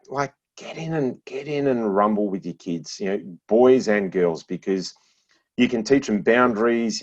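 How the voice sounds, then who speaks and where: A middle-aged man, a podcast guest, chatting casually and telling animated stories, laughing often and restarting his phrases. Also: lowish voice, breathy edge. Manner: animated storyteller with frequent laughs and repeated restarts. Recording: dull lo-fi sound.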